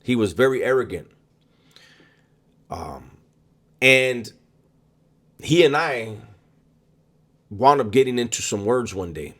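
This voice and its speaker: A man casually recounting a personal story, halting often with ums and repeated words in an unhurried, conversational delivery. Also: mid-range voice, lively intonation, a bit bright. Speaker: storyteller recounting prison experiences.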